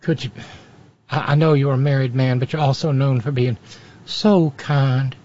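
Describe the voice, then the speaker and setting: A man voicing a coy, pleading eighteenth-century woman swindler in a higher put-on voice, on slightly dull radio audio. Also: steady tone, moderate pace, mellow, lightly acted.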